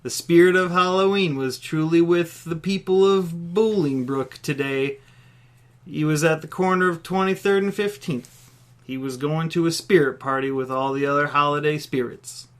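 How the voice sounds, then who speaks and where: A man's voice: fairly high pitch, steady tone, normal speed. A man hosting a podcast, reading his own comedic story aloud and laughing at his own jokes.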